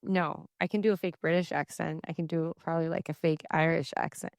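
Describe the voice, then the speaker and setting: Low gravelly woman, casual. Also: fairly even intonation, brisk, no room sound, clean studio sound. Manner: casual, hesitant, laughs often. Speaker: podcast co-host. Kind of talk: casual chat.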